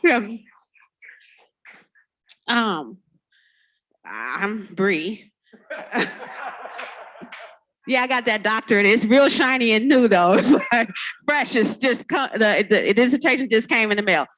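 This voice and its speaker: Woman from california giving an acceptance speech, playful and heartfelt, a bit high voiced. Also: brisk, a bit bright, poor audio. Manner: heartfelt, playful, speaks to the crowd. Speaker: educator accepting an award.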